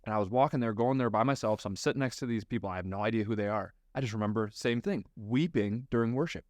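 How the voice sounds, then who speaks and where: A man's voice: fairly low pitch, quick pace, dry recording. A young male podcast host sharing his own story in earnest, casual conversation.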